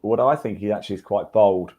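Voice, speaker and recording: A man's voice: on the low side, fast talker, breathy edge, narrow, tinny audio. A man with a British accent co-hosting a podcast, chatting casually and with enthusiasm. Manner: relaxed, enthusiastic storyteller. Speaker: podcast co-host.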